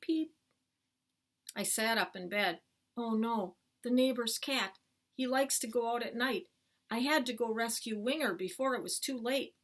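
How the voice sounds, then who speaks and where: A woman teacher reading a chapter book aloud to children, clear and expressive. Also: mid-range voice.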